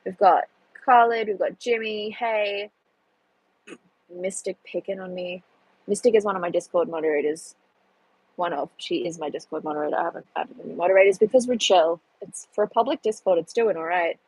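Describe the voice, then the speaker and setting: Chatty young woman, husky voice. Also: fairly low pitch, a little fast, a little mellow, no echo, low-quality recording. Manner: chatty, self-deprecating, reads chat aloud with laughs. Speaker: live streamer. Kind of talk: casual live stream chat. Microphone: phone.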